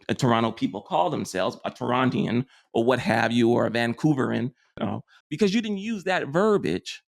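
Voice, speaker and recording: A man gives a loose, conversational lecture on spiritual matters, circling back and restarting his sentences. His voice sits at a middle pitch with a gravelly, creaky edge. He keeps checking in with "you see" as he goes. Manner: rambling, repeats "you see", restarts often. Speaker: metaphysics teacher.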